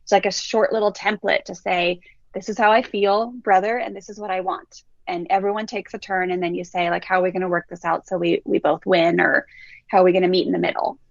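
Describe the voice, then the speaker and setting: Animated woman coach with a gravelly voice. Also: lowish voice, a little fast, dry recording, lo-fi sound. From Southern California. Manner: animated storyteller who acts out kids' voices. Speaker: parenting coach guest. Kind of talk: podcast conversation.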